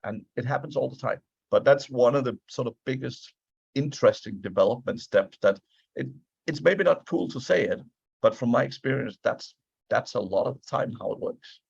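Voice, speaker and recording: A man's voice: mid-range voice, lively intonation, moderate pace, creaky, husky, no room sound, muffled recording. A man, a management consultant, explaining his ideas in a casual interview, earnest and often repeating words as he starts a thought.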